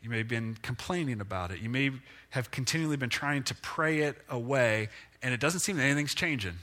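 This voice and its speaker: A male pastor giving a conversational, self-deprecating sermon with lively rises and falls in pitch. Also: a little fast.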